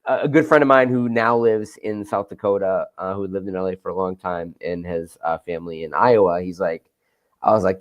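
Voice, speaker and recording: A man's voice: low-pitched, a little fast. A man in casual chat, rambling and searching for his words as he makes a point. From Boston area.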